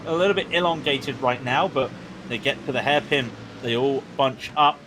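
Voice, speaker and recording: A man commentating on a sim racing stream, chatty and excitable with quick asides. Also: medium pitch, background noise. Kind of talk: live race commentary chat.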